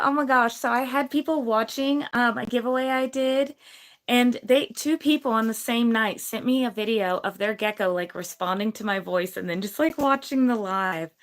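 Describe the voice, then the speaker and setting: Hoarse bubbly woman hosting a livestream. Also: a little high, poor audio. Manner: bubbly, chatty, many fillers. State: hoarse, losing her voice. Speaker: gecko breeder hosting a livestream giveaway. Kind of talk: casual livestream chat.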